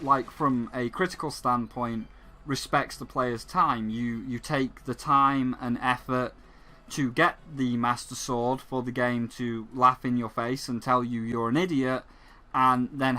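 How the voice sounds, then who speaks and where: A man's voice: mid-range voice, sharp tone. A man hosting a gaming channel who rants sarcastically in casual commentary and often restarts his sentences. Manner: ranting, sarcastic, frequent restarts.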